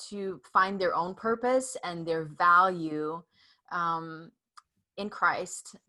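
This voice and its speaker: A woman's voice: lowish voice, pushed and bright. A woman from Europe, a professional performing artist, chatting casually as an interview guest with an accent, upbeat and sprinkled with fillers. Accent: European, non-Southern. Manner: upbeat with frequent fillers and laughs.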